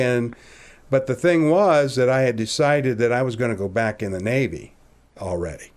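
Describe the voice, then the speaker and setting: A man around sixty from Ohio, a podcast guest telling a personal story in a casual, animated way, acting out the dialogue and laughing at himself. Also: mid-range voice, normal speed.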